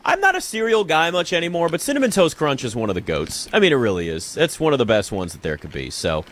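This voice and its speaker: A man's voice: fairly high pitch, huge pitch swings, fast, a bit bright, slight background noise. A man hosting a sports talk show, chatty, opinionated and emphatic.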